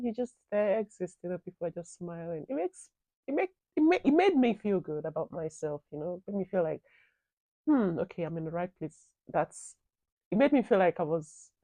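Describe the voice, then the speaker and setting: A woman hosting a reaction video, talking in a relaxed, chatty way. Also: on the low side, no room sound. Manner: relaxed and chatty, laughs easily. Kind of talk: casual reaction commentary.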